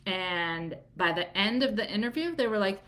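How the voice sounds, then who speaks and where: A woman coach speaks to the camera with open, lively energy. She is candid and laughs freely while she explains her approach to client interviews. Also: mid-range voice, normal speed. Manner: animated, candid, laughs easily. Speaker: doula and business coach.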